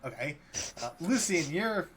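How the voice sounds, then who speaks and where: A man's voice: on the high side, expressive, unhurried, a bit bright. A man running a tabletop game as dungeon master, narrating loosely with many fillers and restarts. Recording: faint background noise.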